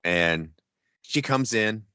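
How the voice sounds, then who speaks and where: A man's voice: fairly low pitch, lively intonation, takes it slowly, pushed and bright, clear, resonant tone, dry recording. A middle-aged man co-hosting a podcast, telling a profane, rambling story and acting out the quotes. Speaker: podcast co-host. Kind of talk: casual storytelling chat.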